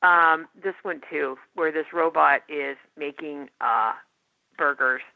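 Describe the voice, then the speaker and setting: A woman's voice: sits low, slow, gravelly, no echo. A woman guest talking about technology in a chatty, enthusiastic way over a call. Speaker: tech guest. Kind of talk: casual podcast chat. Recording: phone-like line, dry.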